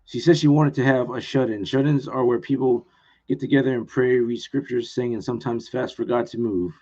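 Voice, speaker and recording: A man's voice: mid-range voice, fairly even intonation, fairly quick, darkish tone. A male author reading his own novel aloud in a plain, earnest way, with small restarts, on dull lo-fi stream audio.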